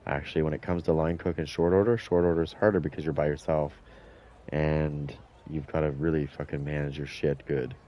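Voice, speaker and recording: A man's voice: rumbling low, fairly even intonation, brisk, mellow. A man telling boastful, profane stories in a casual chat while streaming a game, acting out what people said. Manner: swears a lot, boastful, acts out quotes. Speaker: gaming streamer.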